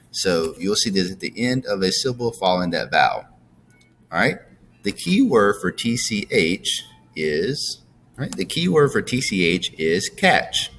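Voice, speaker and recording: A man's voice: sits low, a bit bright, slight background noise. A man teaching a phonics lesson to young students, patiently drilling words and checking in with "all right?".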